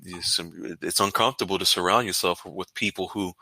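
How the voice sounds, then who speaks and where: A man hosting a casual interview, talking with lively reactions and frequent affirmations. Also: deep voice, fairly quick, no echo.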